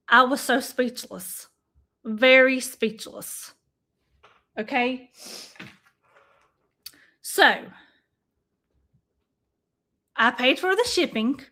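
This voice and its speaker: A woman hosting a casual livestream, chatting warmly to her viewers and calling them y'all. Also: a little high. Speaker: livestream host.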